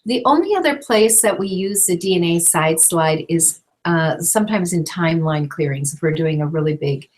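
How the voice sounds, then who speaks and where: Gentle, chatty woman leading an online class, voice with lively melody. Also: lowish voice, moderate pace, few pauses. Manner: gentle, chatty, breaks off to soothe a baby. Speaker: class teacher. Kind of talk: casual live online class instruction. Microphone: call microphone.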